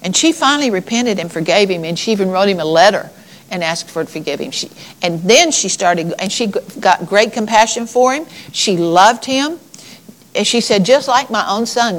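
A woman's voice: medium pitch, low-quality recording. Woman preacher, folksy conversational sermon, reads scripture aloud, talks to the congregation.

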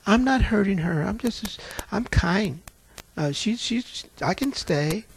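Deceiving demon, as a preacher puts it on: high, falsely demure and boastful, in a dry, close sound. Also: male voice, lively intonation, a little slow, gravelly, slightly rough, dry recording, heavily acted. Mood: falsely sweet. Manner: sweet and demure, turning boastful. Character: deceiving demon called Vanity, falsely sweet then defiant.

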